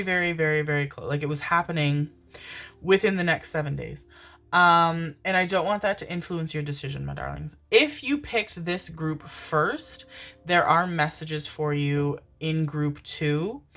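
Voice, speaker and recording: A woman with a notably low voice reads tarot cards for her viewers in a loose, chatty way. She keeps calling them "my darlings" and laughs at her own slips. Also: fairly bright tone. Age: adult parent. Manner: chatty, self-mocking, calls listeners "my darlings", laughs often. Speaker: tarot reader. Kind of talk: casual tarot reading to viewers.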